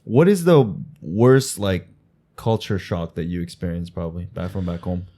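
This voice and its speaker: A man's voice: deep voice, moderate pace, dark tone. A man hosting a podcast, asking questions in a laid-back, slangy way. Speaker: podcast host. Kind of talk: casual podcast chat.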